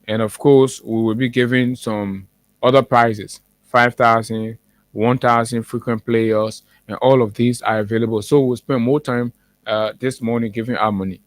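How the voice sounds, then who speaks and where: A man's voice: medium pitch, steady tone, moderate pace, no room sound. A man with a Liberian English accent hosting a morning show, delivering heated political commentary with many fillers and restarts.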